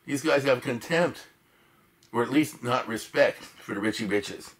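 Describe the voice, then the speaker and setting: A man giving an informal storytelling lecture, animated and emphatic, with chatty asides to the audience. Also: mid-range voice, measured pace. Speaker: lecturer on history.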